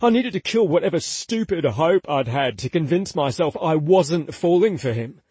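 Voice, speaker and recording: A man narrating a first-person audiobook in an intimate, confessional, unhurried way. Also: a little high, lively intonation, a little mellow, husky, dry recording.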